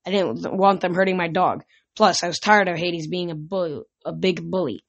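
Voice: mid-range voice, normal speed, creaky, fairly bright tone, no echo, dull audio. An amateur reader casually reading a novel aloud, often tripping over words and correcting them. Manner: stumbles and corrects words mid-sentence.

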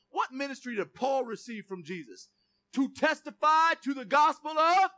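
A male pastor giving a sermon in a lively, joking way, reading scripture aloud. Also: very high voice, moderate pace.

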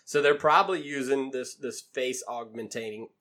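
A man's voice: medium pitch, normal speed, bright, forceful tone. A man co-hosting a casual chat, loose, profane and joking.

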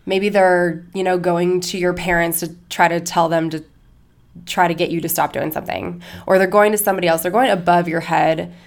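A woman's voice: on the low side, fairly even intonation, a little fast. A woman co-hosting a casual podcast, laying out points step by step and hunting for the right word. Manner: talks through points in levels, searching for words, many ums. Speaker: podcast co-host. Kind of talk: casual chat.

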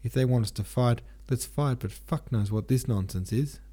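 A man playing a hot-headed young cavalry officer who shouts and swears and turns his r sounds into w. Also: mid-range voice, normal speed, husky, voice pushed up, natural voice. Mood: brash. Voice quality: cannot say r, turns it to w.

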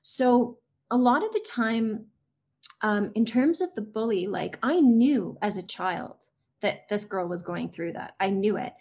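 A woman's voice: mid-range voice, animated, measured pace, darkish tone. A woman in her forties, an educator and interview guest, talking in a chatty way with many fillers and acting out the voices of children. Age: 40s. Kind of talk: casual interview chat.

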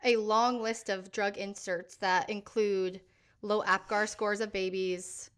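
A woman hosting a podcast, adding comments in a measured, emphatic way. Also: medium pitch, flat delivery, fairly bright tone, clean tone. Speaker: podcast host. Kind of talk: conversational comment.

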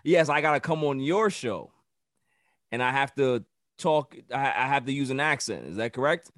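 A man hosting a casual sports podcast, animated and playfully protesting with easy laughter. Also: mid-range voice, normal speed, no echo, clean studio sound. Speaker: podcast host.

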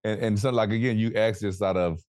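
Deep-voiced man in casual chat. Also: a little fast, no room sound, clean studio sound. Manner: animated, swears freely, acts out quoted voices. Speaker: podcast co-host.

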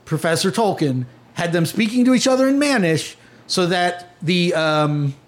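A man running a tabletop game as game master, describing scenes casually with many pauses and fillers. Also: high-pitched, big pitch swings.

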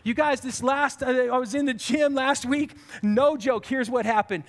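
A man preaching a sermon, telling stories in an animated way with comic outbursts. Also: extremely high pitch, normal speed. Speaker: pastor. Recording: long reverb of a large hall.

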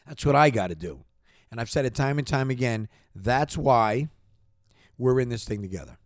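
A man's voice: mid-range voice, lively intonation, moderate pace, long pauses, dry recording. A man in the middle of a fired-up podcast monologue, talking straight to his listeners. He repeats himself, stumbles over words, and keeps pushing the same point with rising energy. The sound is close and dry, with no room around it. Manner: passionate, repetitive, gets worked up then apologizes. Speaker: podcast host.

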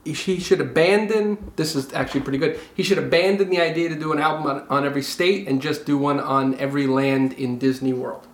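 A woman's voice: deep voice, brisk, few pauses, reverberant. A woman co-hosting a podcast in casual chat, making wry jokes. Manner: wry, joking. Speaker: podcast co-host.

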